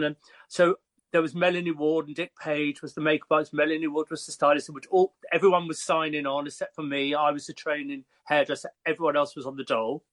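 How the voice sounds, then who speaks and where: An English man in his fifties tells stories as a podcast guest, in a fairly high voice. He talks in a lively, chatty way with plenty of fillers. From Croydon, England. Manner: lively, chatty, laughs often, with frequent fillers. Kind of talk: casual storytelling.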